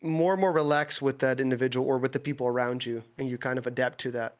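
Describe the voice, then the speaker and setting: A native Dutch speaker from the Netherlands talks on a podcast call at a mid pitch. His English is fluent, and he explains things at length with easy fillers. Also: quick pace. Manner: relaxed, talks in long winding explanations with fillers. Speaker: guest. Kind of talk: casual podcast chat.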